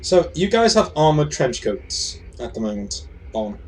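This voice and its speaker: A man running a tabletop role-playing session as game master, relaxed and halting, often restarting his sentences. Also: a little high, a little hiss or hum. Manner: relaxed, halting, frequent restarts and clears throat.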